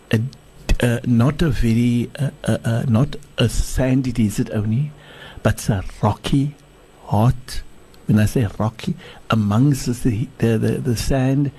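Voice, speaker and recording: Husky, halting sheikh telling a story. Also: male voice, medium pitch, dark tone. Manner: slow, halting, with many restarts and repeated words. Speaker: sheikh, guest speaker. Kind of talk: storytelling sermon.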